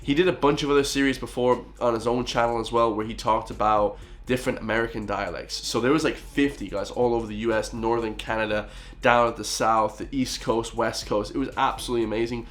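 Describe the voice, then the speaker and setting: A man's voice: medium pitch, steady tone, a little fast, fairly bright tone. Irish man hosting a reaction video. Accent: Irish, toned down. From Ireland. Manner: enthusiastic, keeps addressing viewers as guys. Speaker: reaction channel host. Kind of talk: casual reaction commentary.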